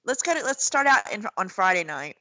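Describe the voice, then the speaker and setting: A woman's voice: medium pitch, very animated, brisk, sharp tone, no echo, rough recording. A woman co-hosting a podcast, chatting bluntly and retelling a TV show with lots of asides. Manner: blunt, chatty, retells scenes with quoted voices. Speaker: podcast co-host. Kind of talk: casual chat recapping a TV show.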